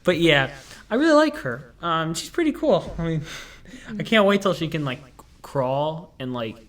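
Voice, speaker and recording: A man's voice: a little high, big pitch swings, moderate pace, a bit bright. A young man hosting a casual chat, rambling and goofy, full of fillers and restarts. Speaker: podcast host.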